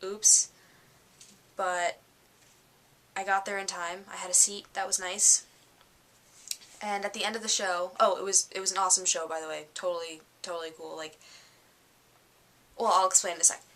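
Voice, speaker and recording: A tired young woman recapping her week in a chatty, excitable vlog, full of fillers. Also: lowish voice, moderate pace, long pauses. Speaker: fashion vlogger.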